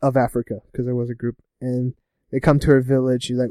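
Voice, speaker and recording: A man casually recapping a TV episode with a co-host, laughing often and putting on quick voices for the characters. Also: mid-range voice, little pitch movement, mellow, dry recording, clean studio sound. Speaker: podcast co-host.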